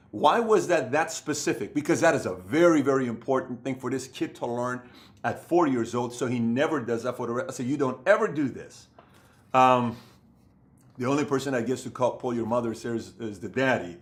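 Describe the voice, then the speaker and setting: A man in his thirties talks straight to camera about leading a business team. His voice sits at an ordinary middle pitch. He hammers home his points by repeating short phrases. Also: a little fast. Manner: emphatic, repeats key phrases for stress. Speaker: business coach. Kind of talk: motivational talk to camera.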